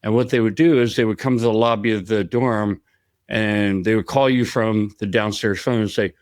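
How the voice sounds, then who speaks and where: A man co-hosts a podcast in easy, unhurried chat. His voice is smooth and resonant and sounds dry and close. He tells his stories in a rambling way, often laughing along the way. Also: lowish voice, fairly even intonation, a little mellow, no echo. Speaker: podcast co-host.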